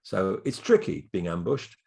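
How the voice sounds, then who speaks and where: A man working as a media consultant, giving calm, measured advice in an interview, with frequent fillers and restarts. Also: deep voice, creaky, husky.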